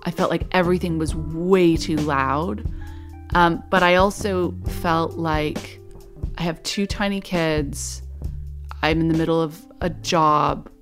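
Woman, low voice, interview guest, candid storytelling, reflective, wry. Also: fairly even intonation, takes it slowly, music in the background.

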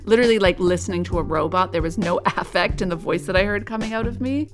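A woman's voice: lowish voice, fast, few pauses, music in the background. A woman, an interview guest, recounting a personal experience in a candid, reflective and wry way.

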